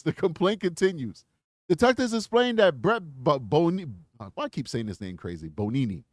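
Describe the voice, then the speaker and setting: A man hosts a true-crime livestream with a slightly high voice, animated and mocking, calling out to his chat. The sound is close and dry, with no room around it. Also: normal speed, no echo. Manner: animated, mocking, chats with viewers. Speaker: livestream host.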